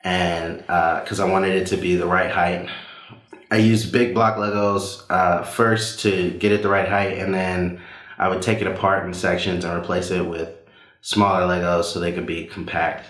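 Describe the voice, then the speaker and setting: Deep-voiced man telling a story on stage. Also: moderate pace. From Southern United States. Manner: relaxed, conversational with many fillers. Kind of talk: live personal storytelling. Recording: roomy live hall.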